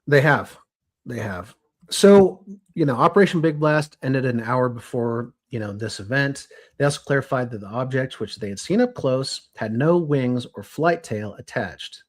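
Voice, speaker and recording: A young man co-hosting a podcast, walking listeners through a story from his notes. He talks casually and animatedly, restarting and correcting himself as he goes, in a voice of middle pitch. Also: lively intonation, moderate pace. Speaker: podcast co-host.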